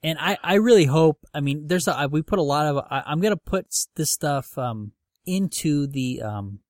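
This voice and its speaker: A man's voice: fairly high pitch, lively intonation, moderate pace, a little mellow, no echo, studio quality. A man in his late thirties hosting a podcast, casual and joking, swearing freely. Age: late 30s. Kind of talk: casual chat.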